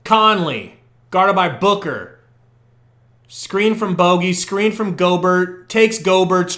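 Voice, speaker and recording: Excitable fan calling a game live. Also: male voice, high-pitched, slow, reverberant. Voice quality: profane, partisan fan commentary. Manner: excitable, swings from muttering to shouting. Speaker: podcast co-host doing live play-by-play. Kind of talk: live fan play-by-play reaction stream. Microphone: poor quality microphone.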